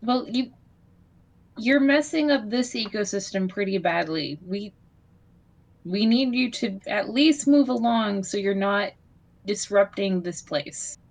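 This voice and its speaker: A woman's voice: mid-range voice, takes it slowly, vocal fry, rough recording. A woman playing a tabletop game, blunt and wary, reading out spell rules. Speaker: player. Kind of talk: casual tabletop game play.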